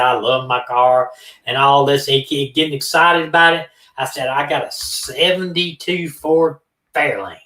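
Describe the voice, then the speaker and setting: A man's voice: mid-range voice, distant mic. A man telling a casual story, acting out both sides of a phone call. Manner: animated, acts out both sides of phone calls. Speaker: co-host of a true-crime live stream. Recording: roomy, from off the mic.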